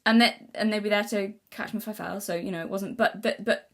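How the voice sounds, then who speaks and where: A young woman talks to camera in an unscripted, rambling way, often restarting her sentences. Her voice sits at a middle pitch, and she sounds earnest, as if she is working her thoughts out while she speaks. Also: steady tone, brisk, fairly bright tone. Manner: rambling, many restarts and self-corrections; earnest, thinking aloud. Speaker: vlogger. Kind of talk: casual unscripted talk to camera.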